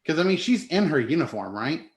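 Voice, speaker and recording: A man's voice: on the high side, very animated, fairly quick, reverberant. A man playing a tabletop game, talking casually and hesitantly with many fillers as he describes his character's moves. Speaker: player.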